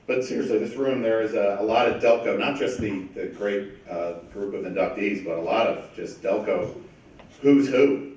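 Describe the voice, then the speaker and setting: A man giving an emotional, halting hall of fame speech, laughing through his emotion. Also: on the low side, a little mellow, a little hiss or hum. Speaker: hall of fame presenter, former player and coach. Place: large echoey banquet room. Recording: echoey hall, distant mic.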